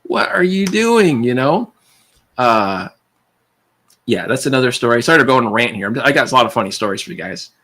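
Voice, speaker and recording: Husky man telling wild stories. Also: mid-range voice, fairly quick. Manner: rambling, animated anecdotes with quoted voices. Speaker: livestream host. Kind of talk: casual storytelling chat.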